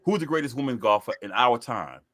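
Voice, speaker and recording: A man's voice: medium pitch, animated, a little fast, a bit bright. A man co-hosting a casual podcast chat about sports, repeating himself to press his points. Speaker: podcast co-host.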